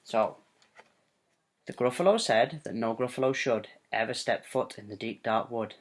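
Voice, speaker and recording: A father reading a rhyming bedtime storybook aloud to his child at home, in a gentle, sing-song way. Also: mid-range voice, normal speed.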